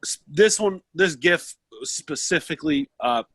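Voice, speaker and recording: A man's voice: fairly high pitch, expressive, measured pace, fairly bright tone, breathy edge, no echo. A young man co-hosting a casual podcast from a basement, rambling and emotional with a joking streak. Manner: rambling, emotional, jokey storytelling. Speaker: podcast co-host.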